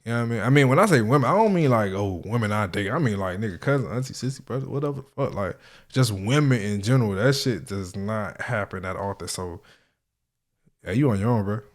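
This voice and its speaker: A man's voice: fairly low pitch, expressive, quick pace. A man hosting a casual reaction video, talking in a loose, profane, slang-heavy way.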